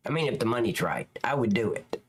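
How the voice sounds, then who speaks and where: A man's voice: fairly low pitch, big pitch swings, fast. A man commentating on police footage, sarcastic and scornful, cursing constantly as he picks the scene apart. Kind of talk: profane video commentary.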